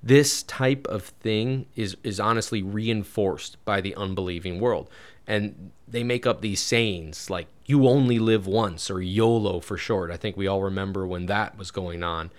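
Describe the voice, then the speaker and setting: A man's voice: low voice, measured pace. A man teaching through a Bible chapter in a casual podcast, chatty and prone to digressions, laughing at his own wordplay. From United States. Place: home room, creaky computer chair.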